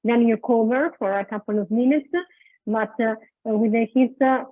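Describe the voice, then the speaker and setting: A woman with an Italian accent, a cooking instructor giving an online presentation from her home kitchen, explaining slowly with many pauses and fillers. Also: fairly high pitch, fairly even intonation, dry recording. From Italy. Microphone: video call. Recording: dry, phone-like video call audio.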